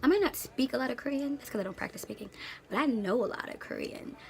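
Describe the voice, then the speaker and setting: A woman in her late twenties, an English teacher, ranting in a casual vlog with sassy, animated storytelling and slang. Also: high voice, fast talker, vocal fry. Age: late 20s.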